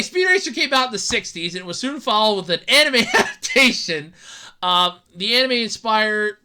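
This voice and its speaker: A woman hosting a podcast, delivering an excitable, swearing, comedic rant with frequent laughs. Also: medium pitch. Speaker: podcast host. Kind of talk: ranting comedic podcast monologue.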